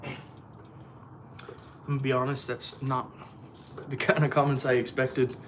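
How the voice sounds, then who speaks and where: Man hosting a livestream, casual and easygoing, laughs at himself, clear background noise. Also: medium pitch, flat delivery, unhurried. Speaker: livestream host. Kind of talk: casual live-stream chat reading comments.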